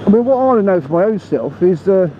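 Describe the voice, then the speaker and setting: A man with a fairly high voice gives an excitable, swear-happy ride-along motorcycle review. He talks into a helmet mic while riding outdoors. The sound is muffled, and engine and road noise are clearly heard underneath. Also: fast. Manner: chatty, excitable, swears freely. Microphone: helmet-mounted mic.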